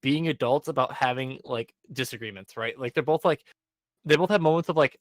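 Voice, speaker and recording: Speaking fast in a mid-range voice, this young man chats casually on a podcast about an episode he watched. The recording is dry, and his storytelling is lively, full of acted-out character lines and frequent "um"s and "like"s.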